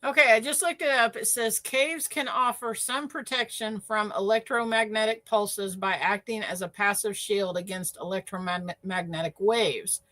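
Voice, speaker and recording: A woman, hosting a casual livestream and telling a story in a chatty, animated way with many fillers. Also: mid-range voice, moderate pace, few pauses. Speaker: host.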